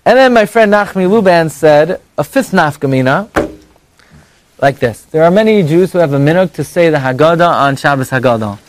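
A man teaching an evening religious class to a live audience. He talks in an animated, conversational way, with rhetorical questions and mock dialogue, and he swings between high exclamations and low asides. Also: moderate pace, slight background noise.

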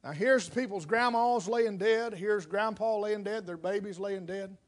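A high-voiced male preacher giving a sermon. He tells his illustration with drama, building to loud, fast passages and dropping to near-whispers. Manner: dramatic storytelling, swings between loud and hushed.

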